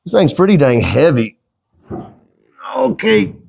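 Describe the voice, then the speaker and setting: Talking as he works, this middle-aged fabrication shop owner rambles along in a relaxed, folksy manner. The voice sits on the low side with a darkish tone and a fairly quick pace, under a little hiss or hum.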